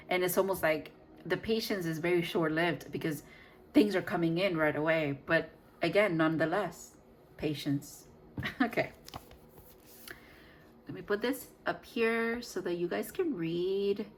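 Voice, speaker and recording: A woman with a somewhat low voice talks through a tarot reading in a loose, unscripted way. She thinks out loud, stumbles and corrects herself mid-sentence. She breaks into soft laughter every so often. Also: slight background noise, poor audio. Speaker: tarot reader. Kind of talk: casual tarot reading to viewers.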